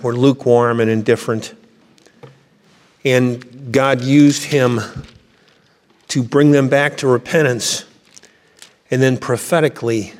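A male pastor preaches a sermon in a church, his mid-pitched voice carrying through a long reverberant hall. He reads scripture aloud and builds emphasis on key lines. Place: church sanctuary.

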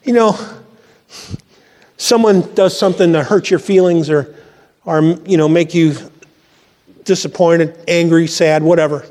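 A pastor preaching a sermon to his church, fervent and swelling to high exclamations. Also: fairly even intonation, a little slow, pauses often, darkish tone. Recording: long reverb from a church hall.

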